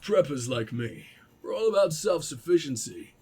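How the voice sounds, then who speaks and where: A self-reliant outdoors prepper, friendly and talkative, put on by a man who drops his voice low for it. The voice is husky and a bit rough, still bouncing around with plenty of melody. He sounds like he's sharing a story with a friend. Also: big pitch swings, moderate pace, a little mellow. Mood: folksy. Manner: attempted gruff, lower voice. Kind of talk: reading a game message aloud in character.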